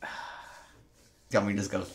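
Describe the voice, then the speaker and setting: A young man co-hosting a casual chat, rambling and full of "like" and "um". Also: fast. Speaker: co-host.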